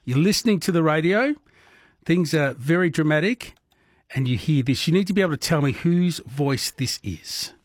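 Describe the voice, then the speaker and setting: A man's voice: on the high side, normal speed, dry recording, clean studio sound. Chatty Australian radio quiz host man. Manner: chatty, relaxed, with frequent fillers. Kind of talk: late-night radio quiz hosting. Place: radio studio. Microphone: studio microphone.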